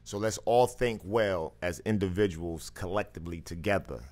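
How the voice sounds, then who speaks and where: A man with a booming voice hosting a live call-in stream, musing slowly and philosophically before taking callers. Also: darkish tone. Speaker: live stream radio host. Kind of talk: reflective monologue and call-in chat.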